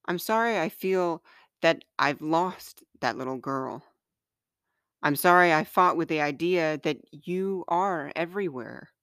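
Woman reading her own book real slow, smooth voice, dry close mic. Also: low voice, fairly bright tone, dry recording. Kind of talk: slow, earnest reading of personal letters.

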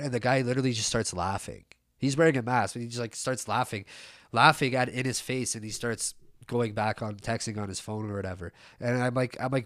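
A man's voice: mid-range voice, moderate pace, dry recording, clean studio sound. A man telling a story in a casual, rambling way, swearing and stumbling over fillers and restarts.

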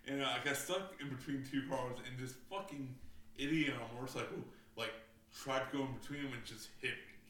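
A man's voice: medium pitch, fairly quick, a bit bright, slight background noise. A man telling gaming stories in a casual chat, profane and full of fillers. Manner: profane, storytelling, frequent fillers. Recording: roomy, distant mic, faint ambience.

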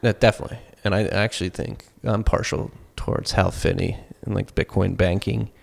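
A man's voice: low voice, steady tone, brisk, gravelly. A man co-hosting a casual podcast, rambling through his points with many fillers and self-corrections. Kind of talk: casual debate chat.

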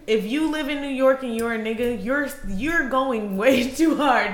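A woman podcast co-host from Illinois chatting casually, telling stories with lots of laughter and loudly acted-out quotes. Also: high-pitched, a little slow, few pauses, reverberant, a little hiss or hum. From Illinois, USA. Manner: animated storytelling, laughs often, acts out quotes loudly. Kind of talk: casual chat.

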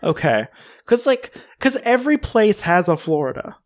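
A man's voice: high voice, very animated, normal speed, dry recording, clean studio sound. A man hosting a podcast, chatting casually and jokingly with lots of fillers. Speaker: podcast host. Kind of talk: casual chat.

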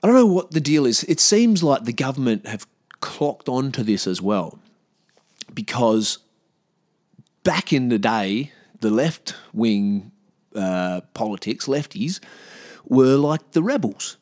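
An Australian man talks straight into his podcast mic in a loose, unscripted monologue. He swears freely and speaks bluntly, sitting at an ordinary middle pitch that jumps sharply when he gets heated. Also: sing-song, slow pace. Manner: profane, heated and blunt, with sudden rises in pitch and loudness. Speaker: podcast host. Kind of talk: casual ranting podcast monologue.

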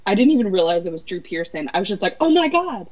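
A woman guest on a podcast, telling excited fan stories in casual chat. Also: fairly low pitch, rapid-fire. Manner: excitable fan storytelling with laughs. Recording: dull lo-fi podcast audio.

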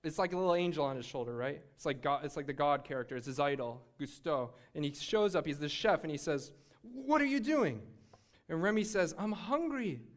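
A young man preaching a sermon in a lively, conversational way, often restarting his sentences. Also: on the high side, quick pace, hardly any pauses.

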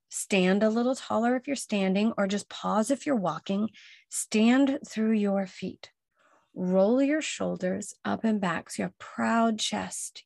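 Woman podcast host, unhurried and emphatic, uplifting self-help delivery, dry close recording. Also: mid-range voice, creaky, darkish tone, dry recording. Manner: slow, emphatic, encouraging, repeats key phrases. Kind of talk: motivational self-help talk.

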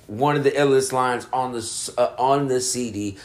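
Speaking a little slowly with a medium, slightly mellow voice and fairly even intonation, a man hosts a podcast reviewing music. The chat is casual; he's stoned and laid-back, rambling and often breaking into laughter.

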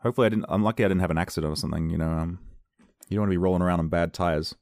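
A man's voice: deep voice, steady tone, racing, a little mellow, no room sound, studio quality. A man chatting casually to his viewers, rambling through a story, repeating words and laughing easily. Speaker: vlogger.

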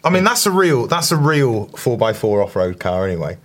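A man's voice: on the low side, brisk. Ranting man. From southern England. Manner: ranting, joking, animated. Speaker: podcast co-host. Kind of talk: casual banter.

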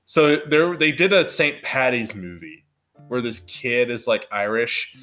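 A man's voice: medium pitch, unhurried, fairly bright tone, faint music behind. A man co-hosting a casual movie podcast, talking in an upbeat, rambling way full of fillers. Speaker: podcast co-host.

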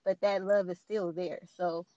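A woman speaking in a reassuring, gently encouraging way in a casual conversation. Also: on the low side, flat delivery, unhurried, dry recording, muffled recording. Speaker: co-host offering support.

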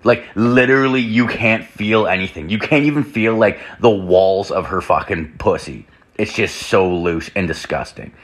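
Rambling, profane young man, low voice. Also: normal speed. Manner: rambling, heavy filler "like", profane. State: drinking whiskey. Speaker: podcast host. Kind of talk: crude storytelling monologue. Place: home room with door open.

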